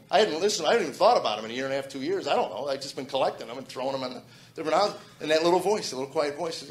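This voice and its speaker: A man in his forties giving a personal testimony. He talks fast and earnestly, stumbling over repeated words as he goes. His voice rings in an echoey room. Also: fairly high pitch. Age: 40s. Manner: earnest, halting with repeated restarts. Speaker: testimony speaker.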